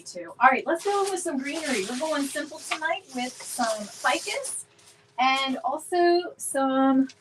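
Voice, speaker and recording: A woman's voice: high voice, a little hiss or hum, low-quality recording. Chatty woman live-streaming crafts. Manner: chatty, laughs often, greets viewers by name. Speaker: DIY home decor live streamer. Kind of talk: casual live-stream chat while crafting.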